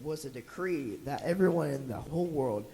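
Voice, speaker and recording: A performer playing a patient narrator character in a church Christmas puppet skit, gently correcting a sidetracked friend. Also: mid-range voice, lively intonation, normal speed, long reverb tail, natural voice, poor audio. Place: church sanctuary.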